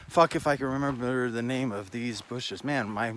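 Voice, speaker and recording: A man's voice: medium pitch, normal speed, hardly any pauses, fairly bright tone, slight background noise. A tired, slightly winded man talking casually to his camera while hiking outdoors on a trail, rambling and self-deprecating, with the odd swear word. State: tired and out of breath. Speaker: hiking vlogger. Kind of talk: casual walking vlog. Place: outdoors on a desert mountain trail. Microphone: handheld camera while walking.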